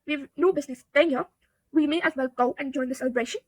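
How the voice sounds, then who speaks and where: Dumbledore, a woman reading as a calm old wizard. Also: sits high, quick pace, no room sound, close to an everyday voice. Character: calm, wise old male wizard headmaster.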